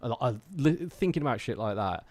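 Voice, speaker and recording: A man's voice: medium pitch, lively intonation, a little fast, darkish tone, no room sound. A man with an English accent chatting casually on a live stream, telling stories to his chat and urging viewers to keep going with their creative goals. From England. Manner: rambling, earnest and motivational, many fillers.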